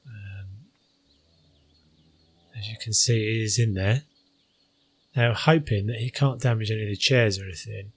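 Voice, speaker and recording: A man's voice: lowish voice, fairly even intonation, moderate pace, long pauses, husky. A man hosting a gaming channel, talking through his gameplay in a casual, hesitant way with many fillers.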